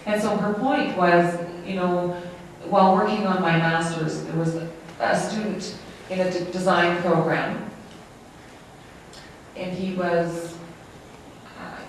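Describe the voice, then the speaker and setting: An interpreter voicing a lecture live, in a halting, self-correcting way. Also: mid-range voice, level tone. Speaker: sign language interpreter. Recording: very echoey room, distant mic, faint noise.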